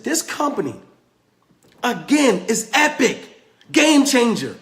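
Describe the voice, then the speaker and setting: Excited high-voiced man pitching online. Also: moderate pace, roomy sound. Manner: animated, repetitive, calls out to viewers. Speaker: crypto promoter on a livestream. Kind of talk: excited sales pitch, reading articles aloud. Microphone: phone or webcam on a live stream.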